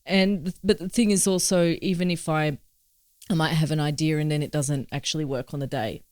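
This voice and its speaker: A woman's voice: sits low, steady tone, moderate pace, a little mellow, no room sound, clean studio sound. A woman co-hosting a music podcast, chatting in an upbeat way with frequent fillers. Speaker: podcast co-host, violinist and flutist. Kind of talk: casual conversation about music.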